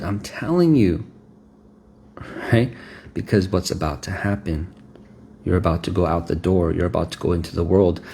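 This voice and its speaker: A man's voice: low voice, normal speed, creaky, long pauses, warm tone. A man preaching a sermon in an emphatic, conversational way, repeating phrases and often checking in with "right?".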